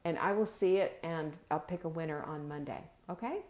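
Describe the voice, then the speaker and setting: A woman's voice: low-pitched, a little fast. A woman gives an emphatic, motivational live-stream talk and speaks straight to her viewers. She stretches out her key words and often repeats a word before she carries on. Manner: addresses viewers warmly and directly, reads their comments aloud. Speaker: host of a live video show.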